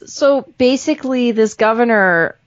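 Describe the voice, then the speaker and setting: A woman co-hosting a podcast in casual chat, blunt and quick to swear. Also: fairly high pitch, highs cut off. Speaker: podcast co-host.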